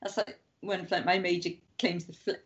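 A woman's voice: lowish voice, flat delivery, a little fast. A woman telling rambling anecdotes as a podcast guest, full of "like" and acted-out quoted voices. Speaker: guest author. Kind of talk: casual chat. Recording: muffled lo-fi sound.

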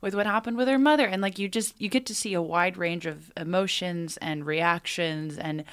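A woman talks through a film on a casual podcast, circling her points with plenty of fillers. Her voice sits a little low and comes across smooth and clear. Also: normal speed, fairly bright tone. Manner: thoughtful, rambling with many fillers. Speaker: guest.

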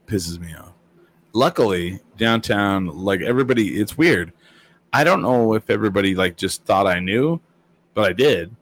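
Rambling man, fairly low voice. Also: expressive, moderate pace, fairly bright tone. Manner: rambling storyteller with many fillers and quoted voices. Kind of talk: casual chat.

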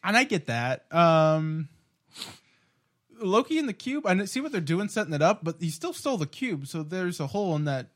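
Animated man riffing on a podcast. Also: high voice, normal speed. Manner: animated, swearing, laughs often. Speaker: podcast co-host. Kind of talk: casual film discussion.

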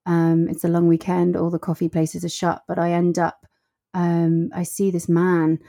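A woman guest in casual conversation, telling stories in an animated way and acting out what people said. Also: fairly low pitch, moderate pace, vocal fry. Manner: animated storyteller, acts out quotes.

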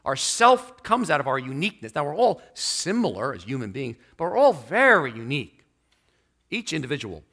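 A man preaching a sermon to his church, animated in delivery and acting out the people in his stories. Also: a little high, normal speed, gravelly. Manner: animated, acts out quoted people in the story. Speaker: pastor.

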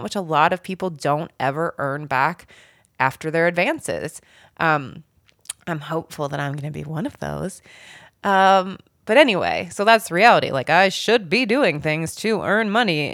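A woman's voice: low voice, fairly bright tone, no echo, clean studio sound. A woman hosting her own podcast, talking candidly and emotionally about her work and her book, with many fillers. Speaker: podcast host and author. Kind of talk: reflective solo podcast talk.

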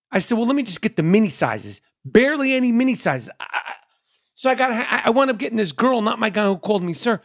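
A man's voice: high voice, vocal fry. A middle-aged man, ranting in a crude, rambling comedy monologue full of repetition and swearing.

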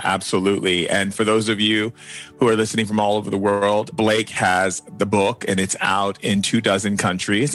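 A man's voice: low voice, fairly bright tone. A man hosting a podcast interview, effusive and exclamatory, laughing often. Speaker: podcast host. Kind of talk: enthusiastic interview chat.

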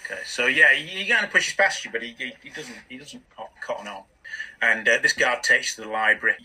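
A man narrating as game master of a tabletop game, halting, with many restarts. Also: mid-range voice, distant mic, background noise.

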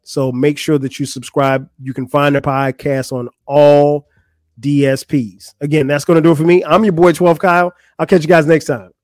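A man's voice: fairly high pitch, moderate pace, no echo, studio quality. Exasperated man telling a story. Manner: animated, exasperated storytelling with many restarts. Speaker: podcast host. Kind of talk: casual storytelling monologue.

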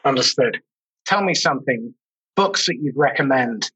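A man's voice: mid-range voice, expressive, normal speed, fairly bright tone, breathy edge, rough recording. A man interviewing a guest on a video call, with brief encouraging replies. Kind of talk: casual interview talk.

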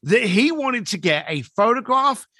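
A man telling a story in conversation, animated and acting out other people's voices. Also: very high voice, measured pace, no room sound, studio quality.

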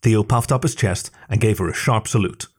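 A man reading a story aloud in slow, even narration. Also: fairly low pitch, slightly rough. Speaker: story reader. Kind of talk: scripted narration.

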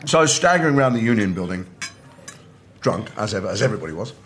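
A middle-aged man from Liverpool, a guest actor telling animated stories over a meal and acting out quoted voices. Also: fairly low pitch, fast, a little hiss or hum. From north of England, Liverpool. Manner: animated storyteller who acts out quoted voices. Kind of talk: casual chat over a meal. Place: restaurant table.

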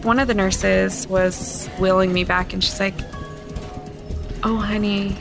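A woman's voice: mid-range voice, fairly even intonation, normal speed, gravelly, music in the background. A woman in her thirties from Utah, candidly retelling a painful experience in her own words. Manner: candid, retelling with many quoted asides. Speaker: interviewee. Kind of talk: emotional personal testimony.

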